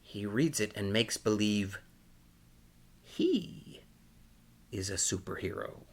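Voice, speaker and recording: A man reading a picture book aloud to children at storytime, animated and stopping to ask them questions. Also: on the low side, moderate pace, gravelly. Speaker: storytime reader.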